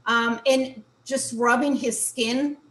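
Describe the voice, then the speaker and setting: A woman in her forties from Russia, an author telling comedic stories on a video call, animated and laughing often. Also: on the high side, takes it slowly, crowd noise. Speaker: author and comedy show guest. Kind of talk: comedic storytelling. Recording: echoey room with faint noise.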